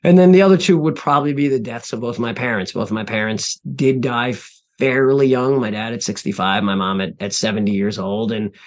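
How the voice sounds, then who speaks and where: A man in his forties, a podcast guest, telling reflective stories in an earnest way, often pausing and restarting. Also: mid-range voice. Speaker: podcast guest, CEO and author. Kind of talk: interview storytelling.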